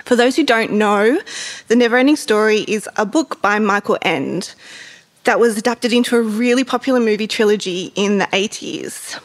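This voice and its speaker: A woman's voice: medium pitch, moderate pace. A woman, an author, chatting casually about books in a giggly way with lots of fillers. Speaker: author and book vlogger. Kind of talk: casual book chat and reading aloud.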